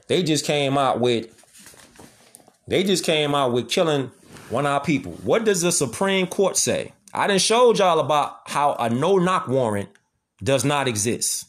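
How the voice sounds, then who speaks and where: Lively-pitched man preaching in street slang. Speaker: commentator. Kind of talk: impassioned monologue.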